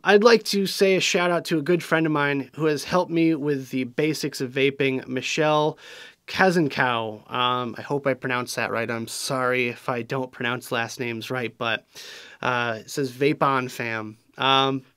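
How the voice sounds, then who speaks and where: A man's voice: medium pitch, fairly bright tone, clean tone, no echo, studio quality. A man hosting a vlog, reading viewer messages aloud and answering them in an earnest, rambling way, full of fillers and restarts. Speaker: vlog host reading viewer shout-outs. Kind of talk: casual vlog chat.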